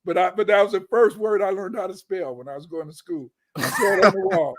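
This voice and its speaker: A man's voice: high-pitched, fairly quick, no room sound. An older American man, a guest scholar, talking loosely on a live stream, repeating his words and cussing now and then. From United States. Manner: rambling, repeats words, cusses. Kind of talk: casual live-stream talk.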